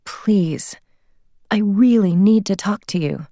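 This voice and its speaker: A woman voicing a young woman pleading softly on an answering machine, stretching her vowels almost like singing. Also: fairly low pitch, no room sound, clean studio sound, lightly acted. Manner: soft, sing-song, drawn-out vowels.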